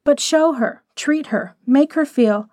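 A woman's voice: sits high, takes it slowly, darkish tone, no echo, clean studio sound, pitched above the performer's own voice. A woman voicing an impulsive wealthy young wife who talks in an eager, breathless way.

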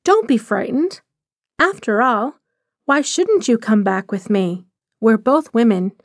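Woman narrator doing a wealthy, impulsive young society lady in a storybook reading; eager, higher voice, dry close sound. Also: lively intonation, slow, no echo, exaggerated voice.

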